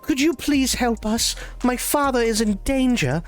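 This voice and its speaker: A prim young British woman pleads in a high, proper voice, earnest and polite, with a man doing the voice. She sounds genteel and determined. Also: measured pace. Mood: earnest, pleading.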